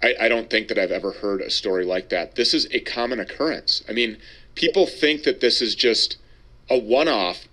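A male host of a Christian talk show who speaks with emphatic, preacher-like conviction. His voice has a bright, forward edge. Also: lowish voice, moderate pace.

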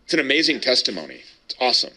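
Guy hosting a christian talk show, emphatic preachy delivery, bright voice. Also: mid-range voice, big pitch swings, very fast, creaky, husky. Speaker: host.

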